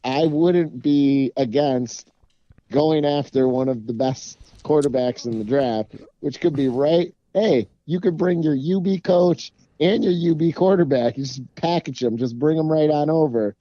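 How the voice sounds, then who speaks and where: Mellow-voiced sports podcast guy, lo-fi. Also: fairly high pitch, measured pace, no echo. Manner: laid-back, laughs often. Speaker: podcast co-host. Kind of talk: casual sports chat. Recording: dull lo-fi mic.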